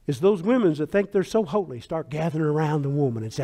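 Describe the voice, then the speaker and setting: A pastor preaching a sermon in a church sanctuary, animated and storytelling, with emphatic asides. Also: male voice, on the high side, fast talker. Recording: long hall reverb.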